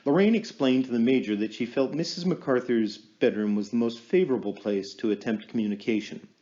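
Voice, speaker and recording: A man narrating an audiobook in a measured storytelling manner. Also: mid-range voice, mellow, highs cut off. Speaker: audiobook reader.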